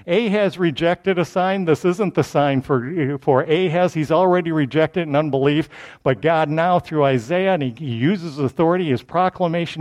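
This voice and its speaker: A man giving a Bible lesson, explaining in an animated way with frequent restarts. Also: a little high, moderate pace. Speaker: Bible teacher. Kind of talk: scripture lesson.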